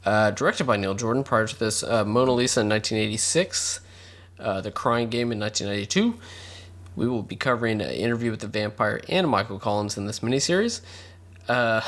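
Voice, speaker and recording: Male co-host, relaxed conversational delivery, dry humor. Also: mid-range voice. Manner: laid-back, reads notes with dry asides. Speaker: podcast co-host. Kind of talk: casual film podcast chat.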